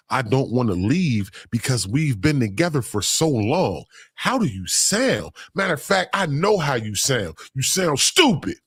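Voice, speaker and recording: A man's voice: medium pitch, slightly rough, no echo, clean studio sound. A man hosting a casual livestream, reading chat comments aloud, using laid-back slang and teasing with frequent laughs. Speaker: livestream host.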